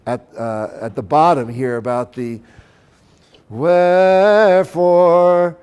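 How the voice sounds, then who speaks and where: A man's voice: medium pitch, moderate pace, clear, resonant tone. A man lecturing at a conference on church music. He explains step by step, keeps checking in with "okay?", and breaks into short sung chant examples. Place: conference center.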